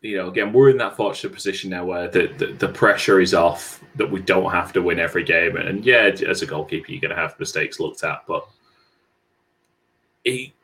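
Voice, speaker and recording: A man co-hosting a casual football podcast, speaking haltingly with repeated words and dry jokes. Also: sits low, a bit bright. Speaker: podcast co-host.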